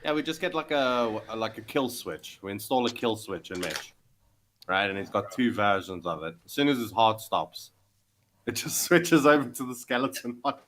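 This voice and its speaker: Bright-voiced joking man. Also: lowish voice, animated, moderate pace, slight background noise. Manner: joking, swearing. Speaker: co-host. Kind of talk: casual banter on a live stream.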